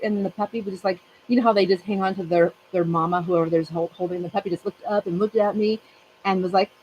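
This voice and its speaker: A woman's voice: fairly low pitch, fairly even intonation, fairly quick, darkish tone, a little hiss or hum, low-quality recording. A middle-aged woman hosting a casual chat with friends, telling a rambling story and laughing often. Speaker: channel host.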